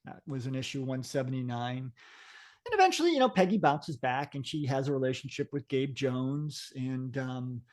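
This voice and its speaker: A man's voice: medium pitch, lively intonation, normal speed, darkish tone. Male co-host, casual chat, meandering delivery with many restarts. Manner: rambling, frequent fillers and restarts. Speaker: podcast co-host. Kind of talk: casual podcast chat about comics.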